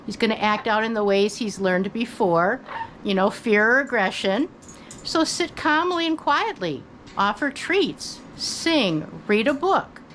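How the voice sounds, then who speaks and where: An older woman who hosts her own channel, giving relaxed, folksy advice about parrots at home and chatting to her bird now and then. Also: a little high, a little slow, a little hiss or hum, poor audio. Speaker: parrot owner and channel host. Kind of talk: casual advice talk. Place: indoors at home, by her bed.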